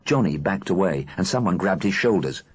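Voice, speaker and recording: A man reading an audiobook aloud in an expressive, animated narrating style. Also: sits low, a little fast, slightly rough. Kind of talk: scripted narration.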